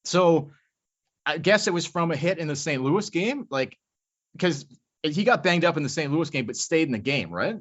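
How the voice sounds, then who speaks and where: Profane, fired-up man, slightly high. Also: animated, moderate pace, a bit bright. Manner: blunt, profane, worked up. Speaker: podcast co-host. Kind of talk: casual chat. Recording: muffled lo-fi podcast audio.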